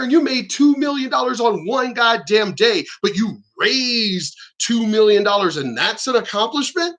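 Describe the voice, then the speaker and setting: High-voiced man in a profane rant. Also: expressive, normal speed, hardly any pauses, a bit bright. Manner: angry, profane, rambling. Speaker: channel host. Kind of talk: profane political rant vlog.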